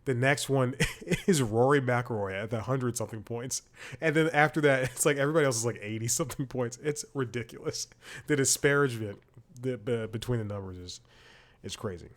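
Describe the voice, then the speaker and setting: A man chats casually as the host of a comedy podcast, with a voice of ordinary middle pitch. He wanders through a personal story and often stops to correct himself. The delivery is loose and conversational. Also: fairly quick. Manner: rambling anecdotes with frequent self-corrections.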